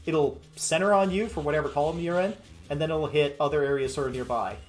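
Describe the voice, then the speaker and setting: A man's voice: on the high side, quick pace. A man giving casual commentary over gameplay, chatty and playful. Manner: chatty, reads game lines in playful voices. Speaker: let's play commentator. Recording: faint game music behind.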